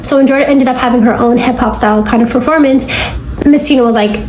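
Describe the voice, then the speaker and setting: A woman host retelling a true story in a casual, animated storytime style with many fillers. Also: fairly high pitch, fast, echoey room, slight background noise, poor audio. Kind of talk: true-crime storytime narration.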